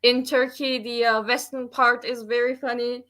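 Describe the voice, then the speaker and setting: A woman's voice: on the high side, flat delivery, moderate pace, fairly bright tone. A woman in a casual podcast chat, talking hesitantly with many fillers and frequent giggles.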